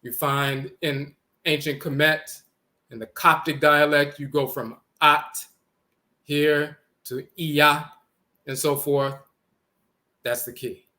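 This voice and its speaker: A man's voice: medium pitch, steady tone, slow, sharp tone. A man giving an explanatory lecture, repeating words and sounding out letters as he teaches.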